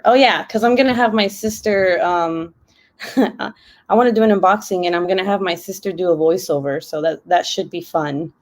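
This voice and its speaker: A woman's voice: fairly low pitch, moderate pace. A woman hosting a casual craft livestream, chatty and laughing often.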